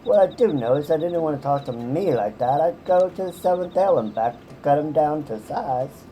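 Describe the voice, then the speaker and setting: A woman voicing a brash, tough warrior woman in a game who scolds loudly and gruffly. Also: low-pitched, lively intonation, normal speed, a little hiss or hum, rough recording. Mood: scornful.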